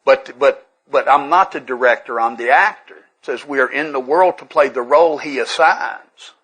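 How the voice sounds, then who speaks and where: A man's voice: mid-range voice, moderate pace, fairly bright tone, husky, poor audio. A man with a Tennessee accent, telling earnest, humorous stories to a recovery workshop group. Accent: Southern US, Tennessee. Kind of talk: folksy storytelling talk to a live group.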